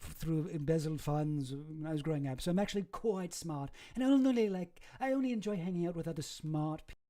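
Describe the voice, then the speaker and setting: A man's voice: on the high side, a little fast, mellow, lightly acted. A man putting on the voice of a smug, posh upper-class woman who boasts about how smart she is, in a haughty, mocking way. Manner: haughty, self-satisfied mockery.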